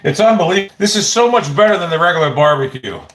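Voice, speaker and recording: A man's voice: a little high, quick pace, roomy sound, slight background noise. A man chatting casually on a livestream from his home kitchen into a phone, rambling and swearing as he snacks. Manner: rambling, profane, easily excited.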